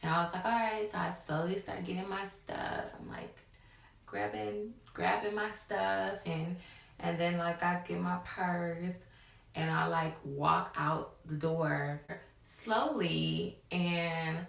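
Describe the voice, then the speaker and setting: A woman's voice: lowish voice, steady tone, takes it slowly, vocal fry, a bit bright, recorded from a distance. A young woman telling a story on her vlog, casual and full of fillers, acting out what people said. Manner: casual, many fillers, acts out quotes. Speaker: vlogger. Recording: echoey room, off-mic.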